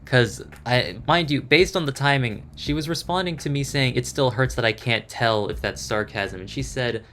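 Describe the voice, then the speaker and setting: A young man talks through a personal grievance in a rambling rant. He speaks haltingly, restarts his sentences and lets phrases trail off. Soft music plays faintly behind him. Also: medium pitch. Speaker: video creator.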